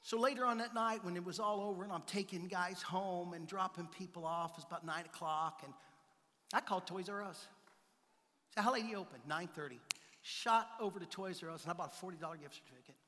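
During a sermon, a male pastor tells a personal story with animation, lurching between loud outbursts and hushed, quiet stretches. He has a high voice, speaks fairly quickly, and the sound carries a long reverb tail.

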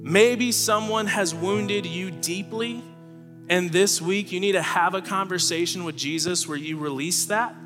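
Earnest male pastor preaching in a hall. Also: a little slow. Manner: earnest, drops low and soft at phrase ends. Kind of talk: sermon. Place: church auditorium stage. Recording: reverberant hall with faint music.

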